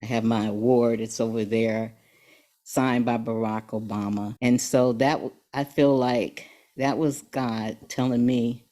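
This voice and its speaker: A woman's voice: a bass voice, steady tone, measured pace, warm tone. A woman in her seventies, a guest telling her story in an earnest, emphatic way during an interview. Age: 70s. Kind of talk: motivational interview.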